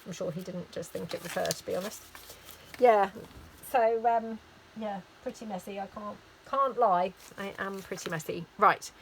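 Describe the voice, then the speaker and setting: A woman's voice: mid-range voice, normal speed, gravelly, a little hiss or hum, poor audio. A woman chatting casually while she crafts, rambling and full of fillers. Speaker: craft vlogger.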